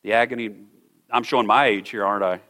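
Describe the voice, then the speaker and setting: A middle-aged man preaching a sermon to a congregation in a church hall, earnest, often repeating words and slowing down to stress a point. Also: on the low side, fairly even intonation, pushed and bright. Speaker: pastor.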